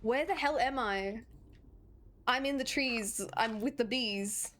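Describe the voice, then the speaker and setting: A woman's voice: on the high side, slow pace, a bit bright. Chatty sarcastic woman streamer. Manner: chatty, sarcastic, rambling asides. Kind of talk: casual gaming stream chat.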